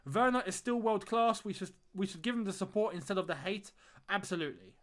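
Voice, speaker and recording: A young man with a notably high voice briskly hosts a fan channel's live-stream watchalong, chatting easily with viewers, thanking them, reading their comments aloud and often repeating phrases for emphasis.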